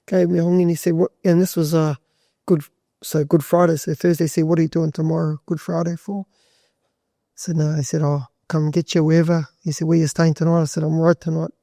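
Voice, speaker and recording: A man's voice: a little high, little pitch movement, a little fast, vocal fry, mellow, dry recording, studio quality. A man, a butcher and guest on a podcast, telling stories in a rambling, casual way with plenty of swearing. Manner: rambling, swears freely, restarts sentences. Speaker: butcher and charity walker, guest. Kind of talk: casual storytelling.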